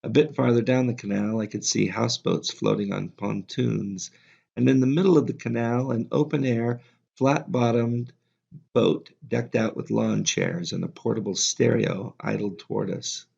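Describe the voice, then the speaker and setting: A man reading a novel aloud in a calm, measured way as an audiobook narrator. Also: mid-range voice, vocal fry, husky. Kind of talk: scripted narration. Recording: slightly dull lo-fi audio.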